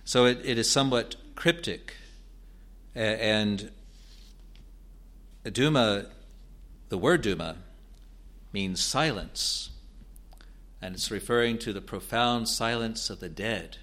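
A man preaching an expository sermon in a deliberate, earnest way, building to emphatic rises. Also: on the low side, a bit bright.

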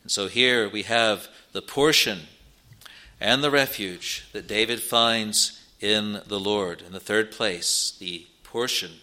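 A man preaching a sermon, earnest, rising in pitch and force when he quotes scripture. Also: slow, sharp tone.

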